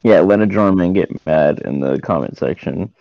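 Man, podcast co-host, low gravelly voice, jokey interjections, dry, dull lo-fi sound. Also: lively intonation, moderate pace, dry recording. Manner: joking interjections. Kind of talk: casual chat.

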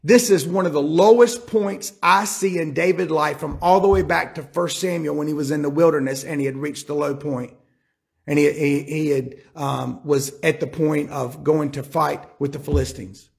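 A man's voice: a little high, steady tone, moderate pace, gravelly. A man preaching a sermon, retelling scripture and acting out the characters' words with rising intensity.

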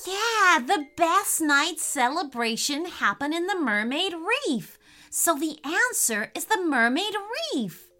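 A woman voicing an excitable young boy on a storybook adventure, exclaiming eagerly. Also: high voice, slow, hardly any pauses, faint music behind, pitched above the performer's own voice, heavily acted. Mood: excited.

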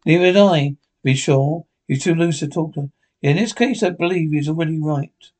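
A man reading an audiobook voices a calm, wry doctor. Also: on the high side, brisk, lightly acted.

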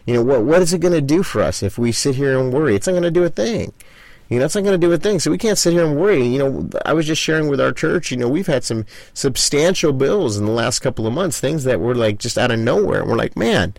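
A man's voice: mid-range voice, animated, fairly quick, vocal fry, hardly any pauses, a little mellow, dry recording. A middle-aged man, a pastor, preaching fervently and speaking straight to the listener, with many repeated phrases. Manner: fervent, repetitive, addresses listener directly. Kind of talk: preaching talk.

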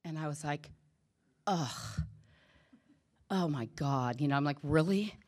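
Middle-aged woman, lowish voice, candid testimony, storyteller who plays out both sides of conversations. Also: slow, darkish tone. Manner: candid, storytelling, acts out quoted dialogue. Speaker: recovery meeting speaker. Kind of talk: personal testimony talk.

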